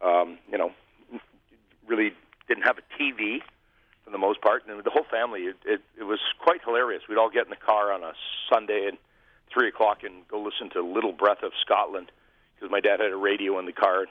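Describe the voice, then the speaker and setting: A man's voice: fairly low pitch, fairly even intonation, brisk, dry recording. A man, a former hockey goalie, telling humorous, self-deprecating stories as a guest in a casual interview. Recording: tinny phone-like line.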